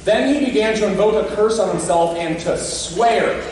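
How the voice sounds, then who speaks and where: A man's voice: high voice, normal speed, darkish tone, a little hiss or hum. A man preaching an Easter sermon as pastor, conversational and often checking in with the congregation. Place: church sanctuary. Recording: very echoey church from a distant mic.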